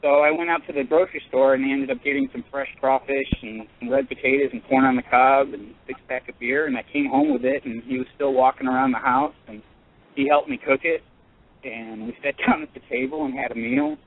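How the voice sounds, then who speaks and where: Over a tinny, narrow phone line, a male caller to a radio show recounts a personal story with earnest hesitation, full of pauses and fresh starts. His voice is gravelly and sits at an ordinary middle pitch.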